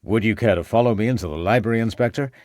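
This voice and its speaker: A man's voice: fairly low pitch, racing, darkish tone, no room sound, clean studio sound, close to an everyday voice. A man voicing an outgoing American male antiquary with an American accent, effusive and confident.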